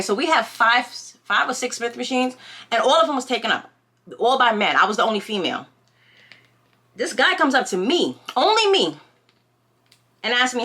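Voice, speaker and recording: A woman's voice: a little high, pushed and bright, breathy edge. A young woman telling a storytime in casual, outspoken, slangy chat as a vlogger.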